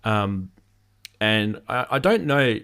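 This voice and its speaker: Man, light Australian accent, stream host, low voice, rambling casual talk. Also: lively intonation, slow, a bit bright, smooth. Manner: rambling, many ums and restarts. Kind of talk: casual chat on a live stream.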